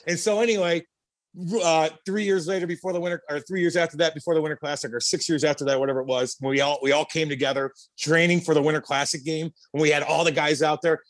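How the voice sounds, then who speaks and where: Male podcast co-host, brash ribbing storyteller with a raised pitch. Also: fairly even intonation, fast talker. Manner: brash, teasing, swears freely. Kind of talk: casual chat.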